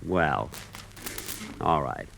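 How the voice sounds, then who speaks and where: A man's voice: extremely low pitch, animated, drawn-out words, vocal fry, fairly bright tone. A man hosting a 1940s radio comedy show, indignant and exasperated in his comic timing.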